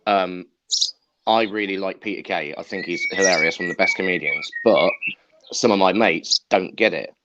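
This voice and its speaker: A man's voice: deep voice, normal speed, heavy background noise. A man co-hosting a podcast, swapping enthusiastic anecdotes in casual chat. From Essex, England. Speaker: podcast co-host. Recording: dull lo-fi sound.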